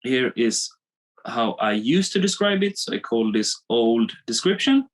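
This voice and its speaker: A man coaching a live online webinar, animated and repetitive as he draws on screen, talking into a computer mic. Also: mid-range voice, unhurried, rough recording. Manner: animated, repeats himself, drawing on screen.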